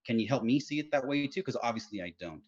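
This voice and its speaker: Guest speaker, man, animated storyteller, mid-pitched, dull video-call sound. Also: quick pace. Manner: animated storytelling, many fillers and restarts. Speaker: guest speaker, test engineering lead. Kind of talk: casual career advice chat. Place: home, Utah.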